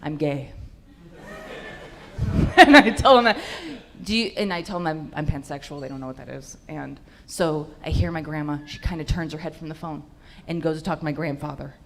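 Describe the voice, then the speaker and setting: A woman's voice: low-pitched, brisk, creaky. A young woman doing a stand-up set in a comedy club, brash and profane with punchy delivery into a handheld mic.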